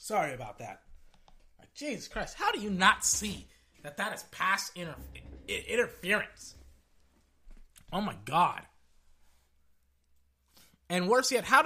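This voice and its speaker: A man's voice: high-pitched, very animated, a little slow, pauses often, sharp tone, breathy edge. A man giving a profane, exasperated rant about football refereeing, reading out quotes and then venting. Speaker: sports commentator. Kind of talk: angry sports rant.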